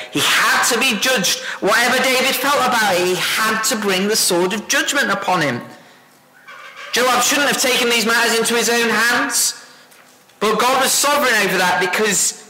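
A man's voice: high-pitched, pushed and bright, slight background noise. A man preaching an expository sermon, earnest and building to emphatic insistence. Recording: echoey room.

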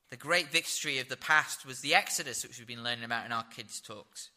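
Bright-voiced male preacher. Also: mid-range voice. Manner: expository Bible teaching with fillers. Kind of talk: sermon.

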